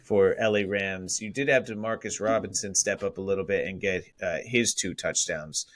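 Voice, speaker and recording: A man co-hosting a podcast, talking fantasy football in an easygoing way, now and then clearing his throat. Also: deep voice, normal speed, a bit bright. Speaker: podcast co-host. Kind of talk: casual fantasy football chat.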